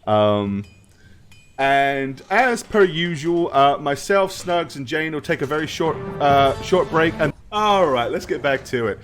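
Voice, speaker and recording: A man's voice: on the high side, animated, a little slow, a bit bright, faint music behind. A man narrating a tabletop role-playing game as game master, casual and loose with fillers. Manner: casual, with many fillers and laughs.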